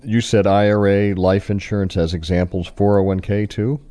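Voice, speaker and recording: Deep mellow-voiced curious host. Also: male voice, flat delivery, normal speed. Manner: curious, asks clarifying questions. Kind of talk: casual radio talk show chat.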